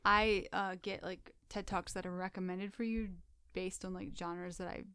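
A woman's voice: on the low side, fairly even intonation, moderate pace, sharp tone, smooth, dry recording. A young adult woman co-hosting a podcast, chatting casually with lots of hesitant fillers. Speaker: podcast co-host. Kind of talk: casual chat.

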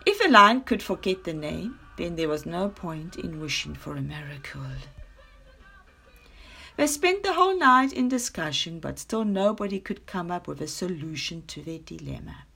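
Woman storyteller, low-pitched and breathy, expressive children's narration. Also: normal speed, faint music behind. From South Africa. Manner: expressive, dramatic read-aloud.

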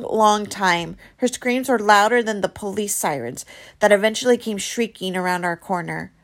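A woman reading a novel aloud, with dramatic storytelling that turns soft and hushed in quiet passages. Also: mid-range voice, vocal fry. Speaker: reader.

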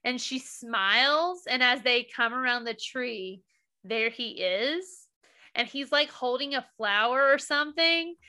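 Bright-voiced woman gushing through a recap. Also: on the high side, unhurried. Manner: emotional, gushing recap with laughs and quoted lines. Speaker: podcast co-host recapping a TV episode. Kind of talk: casual chat.

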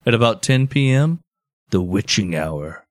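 A married man telling an Old West story on a podcast in a relaxed way, drifting into joking asides. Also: fairly low pitch, unhurried, no echo, clean studio sound.

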